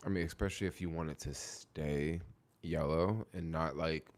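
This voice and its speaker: A man's voice: very deep voice, steady tone, unhurried. A young man chatting casually on a live stream, rambling with lots of fillers and answering viewer comments.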